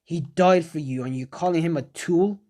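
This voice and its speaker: A man's voice: a little high, normal speed, warm tone, lightly acted. A man voicing an angry young male ninja hero who fires off indignant questions.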